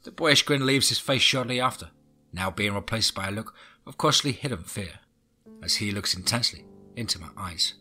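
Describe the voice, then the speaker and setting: A man reading a horror audiobook in a low, brooding way with whispered asides. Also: moderate pace, bright, forceful tone, soft background music. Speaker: audiobook narrator.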